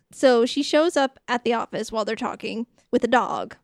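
A young woman retells a film's plot to a friend in animated, laughing podcast chat, dropping into short character voices. Her fairly high voice has a gravelly edge but stays smooth and full. The sound is close and dry. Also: normal speed, no echo. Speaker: podcast co-host. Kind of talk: casual movie recap chat.

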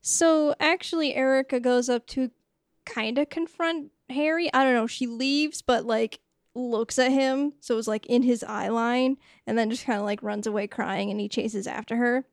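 Woman, podcast co-host, casual movie recap, giggly and chatty, slightly high voice, dry close sound. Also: fairly even intonation, normal speed, dry recording. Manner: chatty, giggly, acts out characters' lines.

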